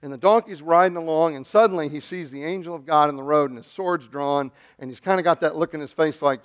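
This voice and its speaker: A man preaching a sermon, retelling a scripture story with lively acting and humorous asides. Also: a little high, quick pace, few pauses, clear, resonant tone. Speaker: pastor.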